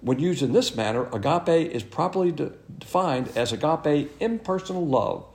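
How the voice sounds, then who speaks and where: A man with a gravelly, fry-tinged voice teaches scripture in a sermon. He is blunt and emphatic, and he keeps it conversational with quick asides to his listeners. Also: fairly high pitch, expressive. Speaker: Bible teacher.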